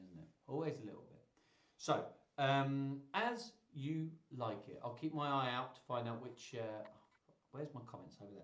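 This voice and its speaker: A man hosting a live stream, reading a children's story aloud with playful, chatty asides to his viewers. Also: mid-range voice. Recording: roomy echo.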